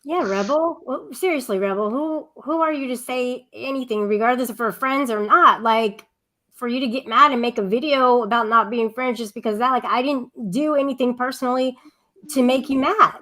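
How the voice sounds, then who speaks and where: A woman's voice: a little high, moderate pace, sharp tone. A woman hosting a casual livestream chat, talking in a rambling, giggly way with frequent restarts. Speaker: livestream host.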